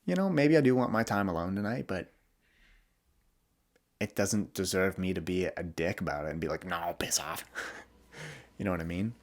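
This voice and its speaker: A young man hosting a podcast, talking candidly and vulnerably in a reflective monologue, often halting and restarting. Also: low voice, animated. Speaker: podcast host.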